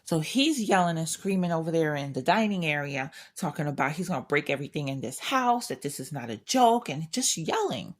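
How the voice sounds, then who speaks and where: A woman with a notably low, deep-set voice talks in a loose, unscripted chat. She vents candidly about her day, rambling along and often restarting her sentences. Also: big pitch swings, fairly quick, few pauses. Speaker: craft channel host. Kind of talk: casual chat.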